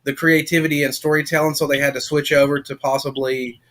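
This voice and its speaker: A man's voice: fairly high pitch, flat delivery, quick pace, a bit bright. A man hosting a casual interview podcast, asking long, winding questions and explaining terms for listeners. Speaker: podcast host.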